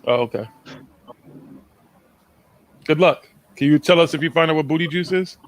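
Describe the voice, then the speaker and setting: Brash Boston-accented man hosting a stream, higher-pitched voice. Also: moderate pace. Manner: brash, swearing, teasing. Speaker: stream host. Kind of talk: casual live-stream chat.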